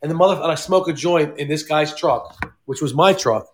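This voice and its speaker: Podcast co-host, man, slightly raised pitch, animated storyteller. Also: brisk, a little hiss or hum. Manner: animated anecdote-teller, swears freely. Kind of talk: casual chat.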